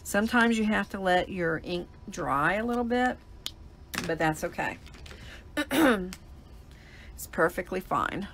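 Chatty woman with vocal fry. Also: mid-range voice, animated, slow pace, pauses often, fairly bright tone, a little hiss or hum. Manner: chatty, explains each step as she works. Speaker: paper crafting host. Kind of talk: live crafting demonstration.

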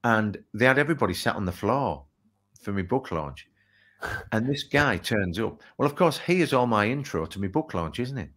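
Speaking at a normal speed in a fairly low pitch, an author and speaker relates an anecdote in an interview. His telling is lively, and he acts out what the characters say.

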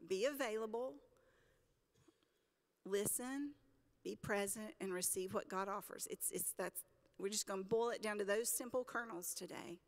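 A woman's voice: medium pitch, normal speed, long pauses. A woman pastor preaching a sermon in a church, talking conversationally with the congregation, asking them questions and acting out the people in her stories. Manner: acts out characters in stories with lively voices. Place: church sanctuary. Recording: long reverb of a church hall.

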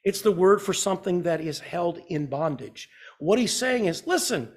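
Putting rhetorical questions to his listeners, this male pastor delivers his sermon in a slightly high voice at normal speed. His lively intonation moves between loud, urgent emphasis and quiet, hushed passages.

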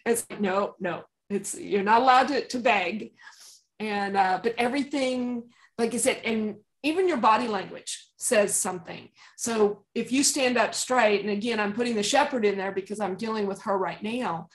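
A woman dog trainer speaking as an interview guest, calm and emphatic, often laughing and acting out commands she gives to dogs. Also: mid-range voice, normal speed. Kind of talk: conversational interview.

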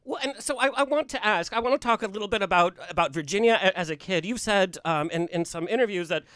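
A playful, teasing male host with a high voice keeps the chat light and laughs often. His sound is dry and close. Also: quick pace, a bit bright, clean tone, no echo. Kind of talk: casual chat.

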